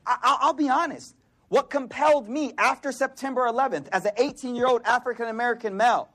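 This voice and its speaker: High husky-voiced man preaching. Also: quick pace, fairly bright tone. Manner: casual street slang, storytelling with quoted voices. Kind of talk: sermon.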